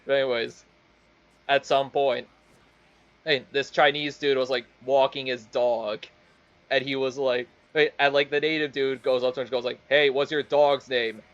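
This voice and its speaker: A man's voice: mid-range voice, little pitch movement, moderate pace, a bit bright, clear, resonant tone. Rambling man telling a story, muffled. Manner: rambling, stumbling, swears a lot. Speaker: streamer. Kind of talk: casual storytelling.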